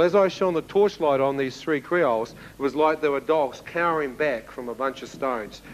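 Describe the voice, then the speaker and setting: A middle-aged man giving a testimony, retelling events vividly with sudden shouts and chuckles. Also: on the high side, slight background noise, poor audio. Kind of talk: dramatic storytelling to an audience.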